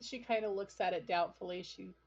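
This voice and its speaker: Husky woman narrating as game master. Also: mid-range voice, fairly quick, dull audio. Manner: descriptive, hesitant, with frequent "um"s.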